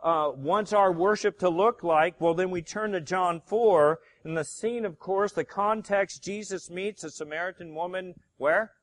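A male pastor delivering a sermon in a slightly high voice. He presses his points hard, firing rhetorical questions at the congregation and answering them himself. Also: measured pace, few pauses.

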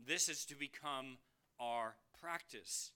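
A man preaching a sermon from the pulpit, moving between emphatic rises and soft low drops, asking the congregation questions. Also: slow, clean tone. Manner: addresses listeners as beloved, asks them questions. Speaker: pastor.

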